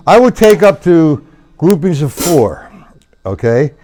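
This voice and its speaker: A man's voice: a little high, big pitch swings, normal speed, over loud music. A man teaching a drum lesson on a live stream, counting beats aloud as he plays and talking loosely to his viewers. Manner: loose, swears at own mistakes. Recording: faint drum kit in the room. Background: drums.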